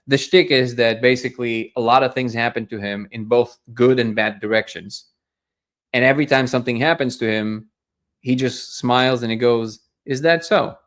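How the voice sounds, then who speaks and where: A man's voice: medium pitch, little pitch movement, moderate pace, fairly bright tone. Earnest, reflective male talk-show host. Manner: earnest and reflective, repeats words as he gathers thoughts. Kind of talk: casual live discussion.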